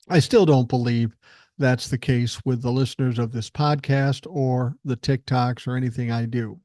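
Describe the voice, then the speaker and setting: A man's voice: mid-range voice, normal speed, dark tone, dry recording, clean studio sound. Blunt, profane older man, podcast host. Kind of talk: solo political podcast monologue.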